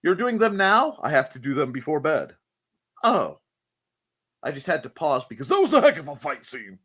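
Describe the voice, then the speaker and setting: A playful man hosts a loose live chat show, jumping between jokes and quick asides and slipping into silly voices. His slightly high, slightly rough voice swings widely in pitch, keeping him lively and animated throughout.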